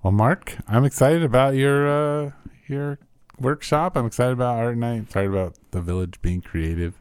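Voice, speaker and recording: A man's voice: medium pitch, normal speed, a little mellow, clean tone, dry recording, clean studio sound. A man hosting a church podcast as pastor, interviewing a guest and affirming him with short replies.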